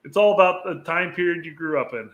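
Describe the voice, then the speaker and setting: A man co-hosting a soccer podcast in casual banter, teasing his co-host, quick with jokes and often laughing. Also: sits high.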